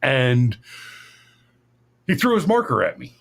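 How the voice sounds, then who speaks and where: A male host tells a long story in a loose, rambling way, often stopping to restart his sentences. He swears freely and sounds casual. His voice sits at an ordinary middle pitch for a man. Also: very animated, takes it slowly, creaky, fairly bright tone. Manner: rambling, profane, many restarts and self-corrections. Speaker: podcast host.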